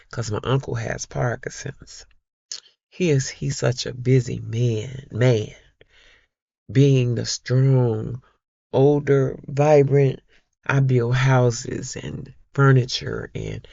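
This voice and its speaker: Slow gravelly-voiced woman vlogger. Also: very deep voice, dry recording, highs cut off. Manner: slow, heartfelt storytelling, addresses viewers as y'all. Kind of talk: casual chat to viewers.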